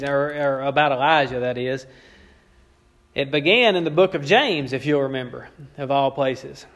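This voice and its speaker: A man's voice: a little high, fairly bright tone. A man preaching a sermon, with an emphatic, repetitive cadence and a touch of wry amusement. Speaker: pastor.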